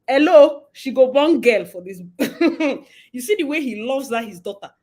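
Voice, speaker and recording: A woman's voice: fairly high pitch, lively intonation, normal speed, darkish tone. A Nigerian woman giving casual gossip commentary with Pidgin mixed in. She laughs often and acts out the quotes. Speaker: vlogger and commentator.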